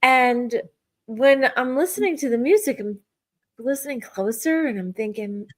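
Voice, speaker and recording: A middle-aged woman telling a personal story in casual spiritual chat, animated and acting out her own thoughts. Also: fairly high pitch, measured pace. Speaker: podcast co-host.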